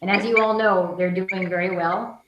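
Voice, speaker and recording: A woman's voice: medium pitch, fairly even intonation, normal speed, muffled recording, background noise. Chatty birding woman in an echoey room. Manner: chatty, with many fillers and restarts. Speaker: birding workshop presenter. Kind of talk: virtual lecture with slides.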